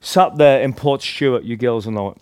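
A man's voice: medium pitch, brisk, a little mellow, clear, resonant tone. A man with a Northern Irish accent tells a personal faith story to a group in a chatty, rambling way, full of restarts and "like". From Northern Ireland. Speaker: speaker sharing a testimony.

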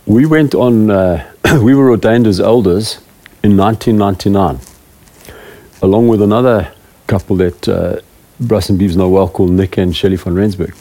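A man's voice: fairly low pitch, normal speed, mellow. A middle-aged man, a preaching elder, giving a rambling, self-deprecating talk to a small group of church leaders. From South Africa.

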